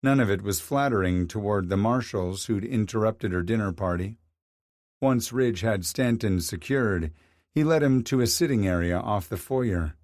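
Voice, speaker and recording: A man narrating a story in a measured, even reading voice. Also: lowish voice, dry recording, studio quality. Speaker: audiobook narrator. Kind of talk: scripted narration.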